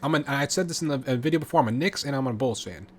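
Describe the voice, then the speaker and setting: A man vlogging his reaction to sports trades, talking casually with excitable, profane rants and frequent restarts. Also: medium pitch, rapid-fire.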